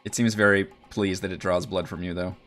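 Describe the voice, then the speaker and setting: A man narrating as dungeon master in an online tabletop game, relaxed, with many fillers. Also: low voice, a little fast, soft background music.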